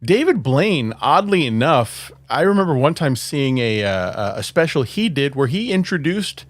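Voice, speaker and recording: A man's voice: a little high, sing-song, normal speed, no echo. A man co-hosting a podcast in casual chat, rambling with lots of fillers and laughing often. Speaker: podcast co-host.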